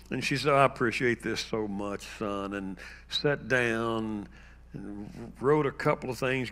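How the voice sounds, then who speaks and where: A middle-aged man with a Texan accent, a pastor telling a personal story in a sermon, reenacting dialogue and rising loud in quoted outbursts. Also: medium pitch.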